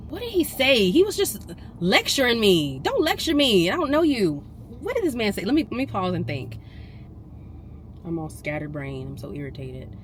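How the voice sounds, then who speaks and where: A woman vlogging casually about her day as a busy mother, with a voice that sits at a middling pitch. She tells her stories in a lively, exasperated way. The steady noise of a vehicle and passing traffic is clearly heard behind her. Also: moderate pace, long pauses. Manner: animated, exasperated storytelling. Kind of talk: casual vlog chat.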